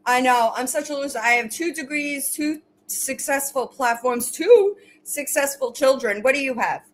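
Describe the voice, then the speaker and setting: A woman's voice: high voice, lively intonation, moderate pace, poor audio. A woman hosting a casual livestream, talking straight to her viewers. She mocks her commenters bluntly and swears freely, then coos at her pets. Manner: blunt, mocking, profane toward commenters; gushing baby talk to pets. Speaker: livestream host.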